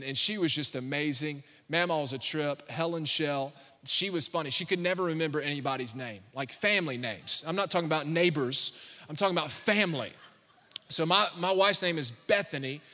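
Male pastor, fervent sermon, high pitch, long church reverb. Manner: fervent, exhorting, rising to shouts.

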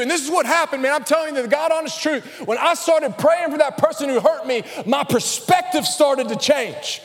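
A male pastor preaching a sermon to his congregation, building up to loud, emphatic calls and addressing the crowd directly. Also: very high voice, normal speed, few pauses. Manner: preaching with rising intensity, calling out to the congregation. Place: large church hall. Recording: reverberant church hall.

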